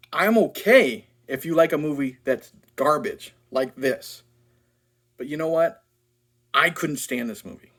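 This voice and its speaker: A man's voice: on the high side, a bit bright. A man ranting in a casual movie review, blunt, profane and sarcastic.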